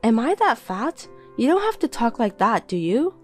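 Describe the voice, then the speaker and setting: A woman's voice: a little high, sing-song, normal speed, soft background music, voice pushed up. Hurt young housewife, woman lifting her voice, pleading and defensive. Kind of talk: reading a text-message story.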